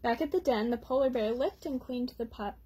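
A woman reading a children's picture book aloud at storytime, gently pausing to explain words for young listeners. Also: a little high, slight background noise. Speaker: storytime reader.

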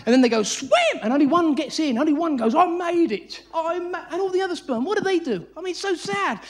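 A man doing live stand-up comedy on a theatre stage, talking in a frantic, high-energy way, swearing and acting out voices. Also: lively intonation, rapid-fire. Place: theatre stage before a laughing audience. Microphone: stage mic. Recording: live theatre recording with audience noise.

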